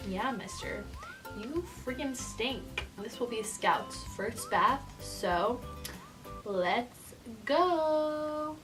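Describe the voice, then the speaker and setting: A woman's voice: fairly high pitch, animated, very slow. Teen girl cooing baby talk, echoey bathroom, music in the background. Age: late teens. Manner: gushing, coos in baby talk. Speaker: vlogger. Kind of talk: casual vlog chat. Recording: echoey room, mic at a distance, music behind.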